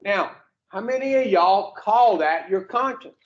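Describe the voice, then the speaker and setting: Addressing an addiction recovery group, this high-pitched man is expressive and unhurried as he delivers a blunt, profane motivational talk. He keeps it plain-spoken and throws rhetorical questions at the room, though the audio sounds dull.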